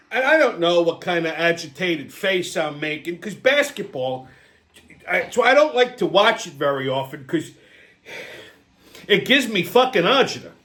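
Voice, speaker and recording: High-voiced man ranting, swearing nonstop. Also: fairly bright tone. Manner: exasperated, sweary, rapid restarts and stammers. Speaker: channel host. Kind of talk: profane ranting monologue.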